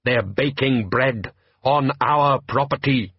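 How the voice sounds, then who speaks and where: A man's voice: mid-range voice, slow pace, husky, no echo, lo-fi sound. A man playing an indignant, blustering fisherman father.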